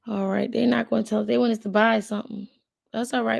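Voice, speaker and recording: Speaking fast in a creaky, fairly high voice with little pitch movement, she sounds a little mellow, and there's no room sound. She's a host doing casual commentary, browsing and reading web pages to viewers while thinking aloud with many fillers.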